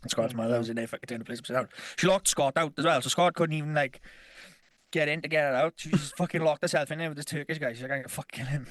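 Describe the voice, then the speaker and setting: A man's voice: on the high side, fast talker, a bit bright, dry recording. Swearing, rambling man, dry close mic. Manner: rambling, swears constantly, laughs through stories. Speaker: podcast co-host. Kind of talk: casual storytelling chat.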